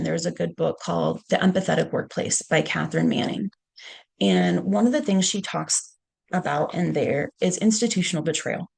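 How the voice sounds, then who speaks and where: A middle-aged woman with a deep, heavily gravelly voice and a husky edge. She speaks in a conversational storytelling manner and often checks in with "okay". This is a leadership presentation. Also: darkish tone. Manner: conversational, punctuates points with "okay".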